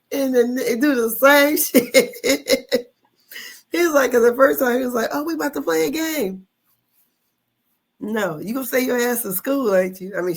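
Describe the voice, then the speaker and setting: A woman in her fifties telling a childhood story in a casual monologue, animated, with slang, cursing and frequent laughter. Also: mid-range voice. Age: 50s. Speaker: online commentator.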